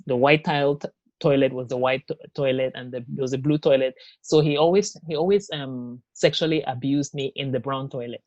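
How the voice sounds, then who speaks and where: Interview guest, a woman with a low pitch, telling her story haltingly in a dry, close recording. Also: a little mellow, no echo. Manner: halting, hesitant, many fillers and restarts. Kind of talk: personal testimony in an interview.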